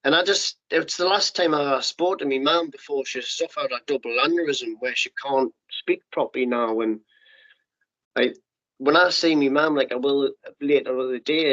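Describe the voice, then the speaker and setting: A middle-aged man telling his story as a podcast guest, blunt and sweary, with quick restarts and acted-out quotes. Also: mid-range voice, sharp tone. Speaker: podcast guest, former paratrooper. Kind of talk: candid storytelling interview. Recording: muffled lo-fi podcast audio.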